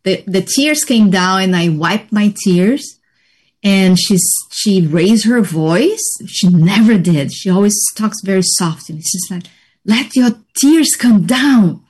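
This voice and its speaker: Slow, reflective woman sharing her story. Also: medium pitch, a little mellow. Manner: reflective, measured, pauses often. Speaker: interview guest, healing practitioner. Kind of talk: personal story in conversation.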